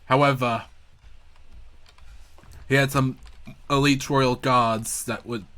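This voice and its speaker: A man's voice: medium pitch, fairly even intonation, takes it slowly, a bit bright. Playful man narrating a battle game. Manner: playful, stumbling, laughing asides.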